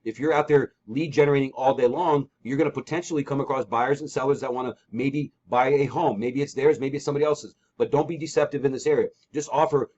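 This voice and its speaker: Fast-talking emphatic male sales trainer. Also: medium pitch, steady tone, a little mellow. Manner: emphatic, repetitive, coaching with sample scripts. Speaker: real estate trainer. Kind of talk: training call instruction. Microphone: call recording. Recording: dull lo-fi call audio.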